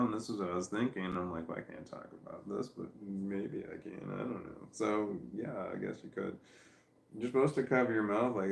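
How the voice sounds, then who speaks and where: A tired man vlogs from his couch at home with his dog, rambling, talking to himself, and arguing with himself between laughs and sighs. His voice is lowish and creaky, with reverberation.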